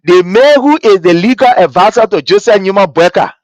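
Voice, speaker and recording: A man with a Liberian English accent hosting a political commentary show, talking in an animated, repetitive way and mimicking the people he quotes. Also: high voice, a little fast, no room sound.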